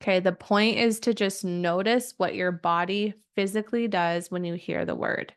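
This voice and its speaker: A woman in her thirties, a coach on a video call, slowly and gently guiding a group through a somatic meditation. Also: mid-range voice, fairly even intonation, clean tone. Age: 30s. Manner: gentle, slow, inviting guidance.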